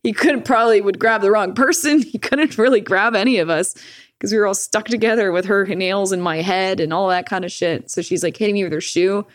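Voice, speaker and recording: A woman's voice: medium pitch, a little fast, no room sound, studio quality. A young woman telling a story casually, with lots of swearing and filler words. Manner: profane, filler-heavy with "like"; animated retelling with laughs. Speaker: streamer guest.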